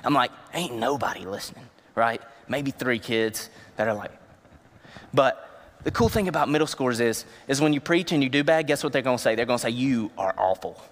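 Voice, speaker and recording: A pastor preaching a conversational sermon from a church stage. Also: male voice, medium pitch, fairly quick. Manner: conversational preaching with Southern phrasing. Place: church auditorium. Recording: long reverb of a large hall.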